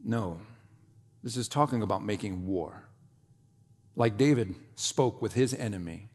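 A male pastor delivering a sermon with deliberate, dramatic pacing. He lets phrases hang and then sinks to a low, hushed tone. His voice rings out with a long reverb, as in a church sanctuary. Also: expressive. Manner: dramatic preaching with long pauses and sudden drops to a low quiet voice.

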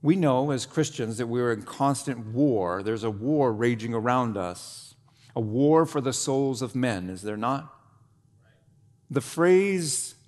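Preaching man in a reverberant hall. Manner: dramatic preaching with long pauses and sudden drops to a low quiet voice. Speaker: pastor. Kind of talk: sermon.

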